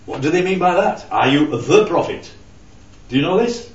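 Leading a small group's informal Bible study, a man with a high-sitting, expressive voice speaks at a moderate pace. His tone is conversational, punctuated by frequent "yeah?" and "right?" check-ins. The sound is distant, roomy and dull, a lo-fi recording.

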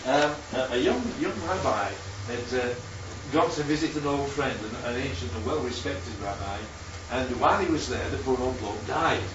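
A man's voice: mid-range voice, normal speed, hardly any pauses, noisy background. Man teaching Bible class, roomy and distant. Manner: chatty, checks in with listeners often. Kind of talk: informal Bible teaching with slides. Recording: roomy, distant, muffled hall recording.

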